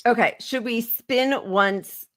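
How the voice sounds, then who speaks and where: A woman's voice: fairly high pitch, slow pace, fairly bright tone. Chatty woman podcast co-host. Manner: conversational, with frequent fillers. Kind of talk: casual political chat.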